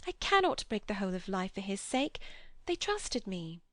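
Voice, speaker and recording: A woman voicing a distressed, tearful young woman with a high, anxious voice. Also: very animated, normal speed, no room sound, close to an everyday voice.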